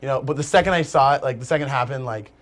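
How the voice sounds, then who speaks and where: A young man telling a long story as a guest in a casual chat, animated and rambling, with "like" in nearly every phrase. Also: medium pitch, rapid-fire, a little hiss or hum.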